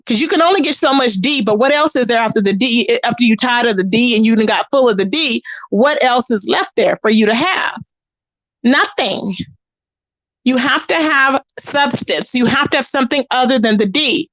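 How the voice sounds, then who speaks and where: A woman's voice: a little high, expressive, normal speed, fairly bright tone, dry recording. A woman hosting a casual livestream, reading chat comments and gossiping straight to her viewers. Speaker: channel host.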